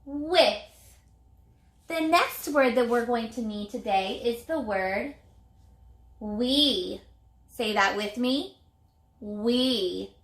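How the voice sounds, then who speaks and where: A woman teacher giving a reading lesson to young children, speaking clearly and sounding out words in a sing-song way. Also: fairly high pitch, lively intonation, slow, long pauses, a bit bright, roomy sound.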